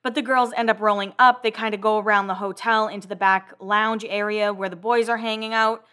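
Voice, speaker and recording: A woman's voice: mid-range voice, flat delivery, a little fast, a bit bright. A woman hosting a casual recap of TV episodes, chatty and full of "like" fillers.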